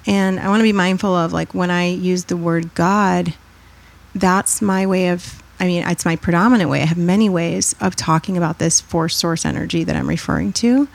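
A woman speaks as a guest on a podcast, in a relaxed, conversational and reflective way. Her voice sits a little low, and she brightens up when she tells a story. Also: moderate pace, creaky. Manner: reflective, animated when telling stories, acts out quoted voices.

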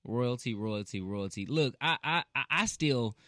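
Excitable male radio host, lively voice. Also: mid-range voice, a little slow, no room sound, clean studio sound. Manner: enthusiastic, repeats words for emphasis, laughs often. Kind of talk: energetic radio talk show interview.

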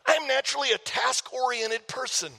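High-voiced gravelly preacher man. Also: moderate pace, pushed and bright, in a large hall. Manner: conversational, emphatic preaching with repeated words. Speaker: pastor. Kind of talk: sermon. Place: church sanctuary.

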